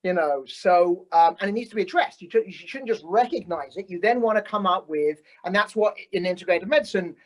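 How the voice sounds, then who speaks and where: A man's voice: sits high, fairly quick, few pauses, low-quality recording. A man, a physician guest on a podcast, explaining his approach earnestly and restarting sentences as he goes. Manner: earnest, explanatory, repeats words as he starts sentences. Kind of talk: conversational podcast interview.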